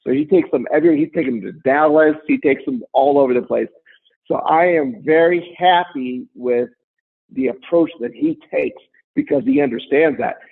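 A man's voice: a little high, moderate pace, slightly rough. A man speaking as a guest in a casual chat, earnest and emphatic as he makes his points. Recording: tinny phone line.

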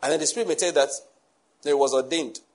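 A man's voice: on the high side, quick pace, a little mellow. A man preaching a sermon, emphatic and full of rhetorical questions to the congregation.

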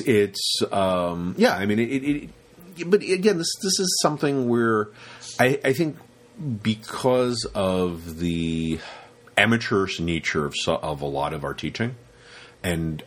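Man, deep low voice, casual podcast talk, rambling, repeats himself. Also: huge pitch swings, slow. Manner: rambling, repeats words, acts out quoted students. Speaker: podcast host and rope teacher.

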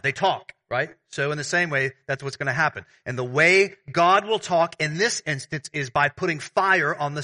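A man preaching a sermon as pastor, conversational and animated, with everyday analogies. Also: fairly high pitch.

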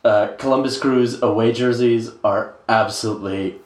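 Man, podcast co-host, casual sports chat, lots of ums, mid-pitched voice, echoey room. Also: steady tone, normal speed. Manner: rambling, many filler "uh"s. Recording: roomy echo.

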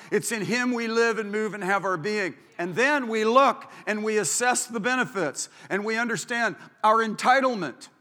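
A man's voice: high-pitched, pushed and bright. A male pastor preaching a sermon, emphatic and drawing out key words for weight. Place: church auditorium. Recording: reverberant hall.

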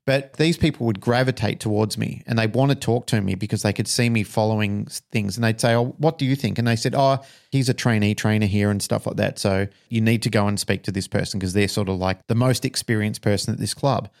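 Gravelly man, frank storyteller. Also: lowish voice, fairly even intonation, a little fast, hardly any pauses. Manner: frank, emotional, swears freely. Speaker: dog trainer and podcast co-host. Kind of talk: candid podcast storytelling.

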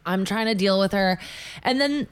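A woman co-hosting a casual chat, telling a story in an animated way, acting out what people said and swearing freely. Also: medium pitch, normal speed, smooth. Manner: animated, swearing, acts out quotes.

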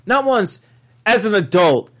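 A man's voice: high voice, animated, measured pace, a bit bright. A young man in casual chat, telling work stories with lots of swearing and quoted voices.

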